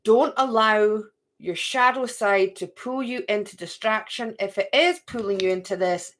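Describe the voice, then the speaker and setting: A woman's voice: mid-range voice, a little slow, fairly bright tone. A woman giving a casual, chatty spiritual card reading to her viewers, often checking in with "okay?" and "right?".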